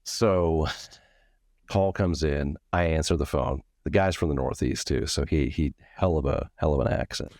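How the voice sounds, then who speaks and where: A man's voice: a bass voice, moderate pace, a little mellow, no room sound, studio quality. A man hosting a podcast, telling a story in a casual, candid way with some swearing and acted-out dialogue. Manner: candid and profane, acts out both sides of a story. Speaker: podcast host.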